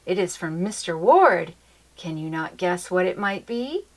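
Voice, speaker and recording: A woman's voice: lowish voice, lively intonation, unhurried. A woman voicing a genial Victorian father in a mild, courteous manner, close to her own reading voice.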